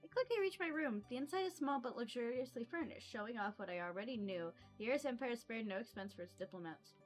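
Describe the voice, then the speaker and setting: Soft background music plays as a young woman on a home stream reads a visual novel aloud at a quick pace, her fairly high voice full of giggly, expressive reactions picked up by a desk microphone.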